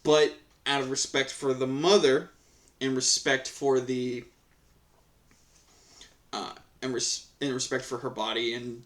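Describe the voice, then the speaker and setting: A man's voice: medium pitch, steady tone, a little slow, long pauses, a bit bright. A man reading Reddit stories aloud and reacting in casual commentary, swearing freely and ranting with lots of restarts. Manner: profane, heated ranting; rambling with frequent restarts. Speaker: Reddit story reader and commentator.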